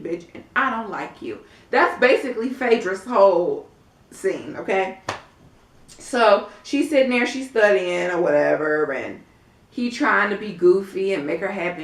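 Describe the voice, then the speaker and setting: A woman recapping a reality show in a sassy, blunt, profane way, acting out what the cast members said. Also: medium pitch. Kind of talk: casual recap vlog. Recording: echoey room, far from mic.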